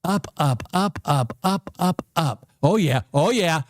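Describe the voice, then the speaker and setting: Man, 60s, excitable livestream host, slightly high voice, dry close recording. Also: takes it slowly, few pauses, dry recording. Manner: excitable, talks to the screen, repeats phrases. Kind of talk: live trading commentary.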